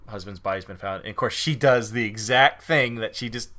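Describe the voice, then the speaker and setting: A man's voice: on the low side, brisk, bright, forceful tone. A man co-hosting a podcast, recapping a story in casual chat with fillers and easy laughs. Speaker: podcast co-host.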